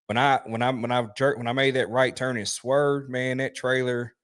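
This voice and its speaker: Animated man telling stories. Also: mid-range voice, moderate pace, clean tone. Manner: animated storytelling with restarts and laughter. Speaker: truck driver and podcast host. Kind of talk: casual chat.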